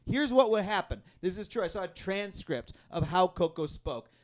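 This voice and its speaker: A man's voice: high-pitched, lively intonation, normal speed. A man hosting a live stand-up comedy show, rambling and self-deprecating, often laughing at his own jokes. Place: live comedy venue with audience.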